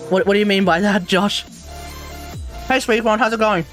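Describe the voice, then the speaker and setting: A woman live streamer in casual chat, ranting in an animated way and laughing often. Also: mid-range voice, normal speed, soft background music.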